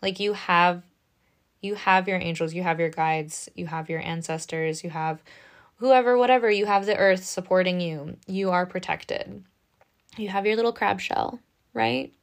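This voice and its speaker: A woman giving a casual spoken tarot reading in a gentle, reassuring, chatty way, often tagging her lines with "right?". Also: on the low side, normal speed. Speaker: tarot reader.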